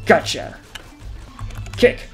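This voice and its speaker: A man hosting his own gaming channel, talking through his play, yelling and laughing at close calls. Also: very slow, soft background music. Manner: chatty, talks over his play. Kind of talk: gameplay commentary.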